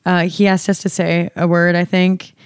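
A woman's voice: on the low side, little pitch movement, moderate pace, smooth, no room sound, studio quality. A young American woman chatting playfully on a podcast, giggling often. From United States. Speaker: guest, host's wife. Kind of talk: casual chat.

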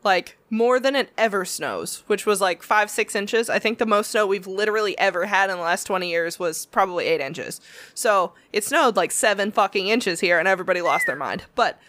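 A woman's voice: medium pitch, a little fast, fairly bright tone, no room sound. A woman co-hosting a podcast, telling rambling, laughing stories and acting out the customers in them. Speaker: podcast co-host. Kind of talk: casual storytelling chat.

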